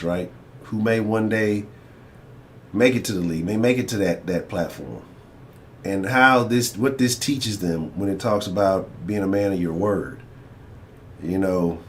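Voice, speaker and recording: A man's voice: on the low side, a little hiss or hum. A man hosting a casual sports talk livestream, rambling and swearing as he addresses his chat. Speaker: sports talk show host.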